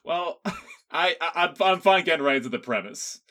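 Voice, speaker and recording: Giggly man with a bright voice. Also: fairly high pitch, expressive, moderate pace. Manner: giggly, laughs often, easygoing. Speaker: podcast co-host. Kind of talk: comedic banter.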